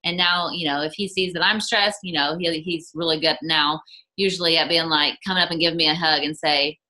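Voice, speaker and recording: A chatty woman giving relaxed advice beside her husband. Her voice is bright and sits a little low, and she scatters fillers through her talk. She lifts her voice whenever she acts out the questions she suggests. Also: a little fast, rough recording. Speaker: business leader co-hosting with her husband. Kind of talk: casual conversational advice.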